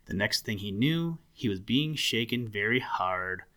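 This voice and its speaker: Slow, bright-voiced man reading a storybook. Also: lowish voice, lively intonation. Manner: slow, gentle storytelling with dramatic swells. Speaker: narrator. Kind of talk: storybook read-aloud.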